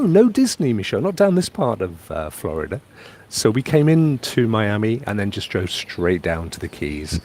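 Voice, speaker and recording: An English man with a low, creaky, somewhat mellow voice chats casually on a live stream from beside a private pool on holiday. He reads out viewer comments and rambles about his trip, with a little background noise in the recording.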